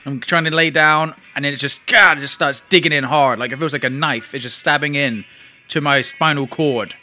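A man's voice: on the high side, steady tone, normal speed, pushed and bright. A man vlogging, telling a long personal story in a rambling, emotional way with frequent restarts. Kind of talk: casual storytelling to camera.

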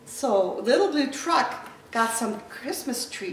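A woman leading a story time, reading picture books aloud to children in an animated, sing-song way. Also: fairly high pitch, slow, a little hiss or hum. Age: adult. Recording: roomy echo, voice from a distance.

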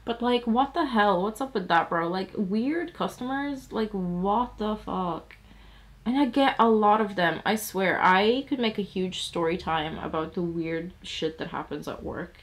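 A woman's voice: mid-range voice, a little slow. A young woman from Latvia chatting casually while doing her makeup, swearing freely and saying "like" a lot. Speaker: beauty vlogger.

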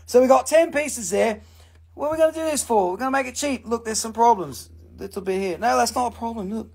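List: man, live sales host, high voice, husky, joking, rambling, swears. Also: brisk, darkish tone. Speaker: seller hosting a live sale. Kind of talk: casual live sales stream.

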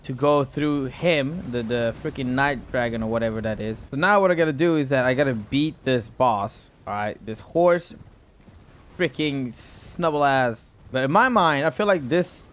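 A man's voice: medium pitch, animated, moderate pace, a bit bright. A man giving live gameplay commentary as a gaming YouTuber, rambling and repeating words, with frequent exclamations. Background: background music.

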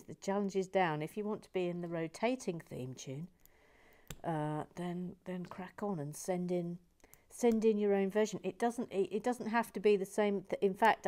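A woman hosting a building stream, reading viewer comments aloud in a playful way, slipping between soft whispers and bursts of mock indignation. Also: medium pitch. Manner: reads viewer messages aloud with hesitant restarts. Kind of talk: chatty live-stream commentary while building.

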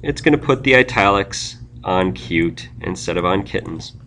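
Low-voiced man teaching web coding. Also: animated, moderate pace, sharp tone, a little hiss or hum. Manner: explains step by step, thinking aloud while typing. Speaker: web design tutor. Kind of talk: screencast tutorial.

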